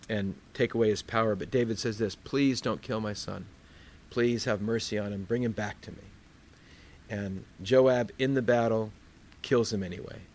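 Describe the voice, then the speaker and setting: A male preacher delivers a sermon at a mid pitch. He talks casually and retells stories in plain everyday words, sometimes slipping into different voices for the people in them. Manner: conversational storytelling, acts out voices.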